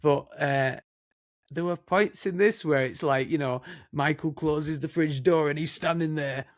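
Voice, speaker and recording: A man's voice: fairly high pitch, measured pace, dry recording, studio quality. A man with a Northern English accent, co-hosting a casual film chat, rambling and chatty with lots of "mate". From Northern England. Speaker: co-host, film production assistant.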